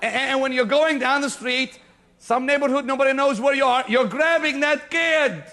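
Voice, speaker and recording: A male pastor preaching a sermon to a congregation, shouting some lines and dropping to a near hush on others. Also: extremely high pitch, moderate pace. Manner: preaching with sudden shouts and hushed stretches. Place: church before a congregation.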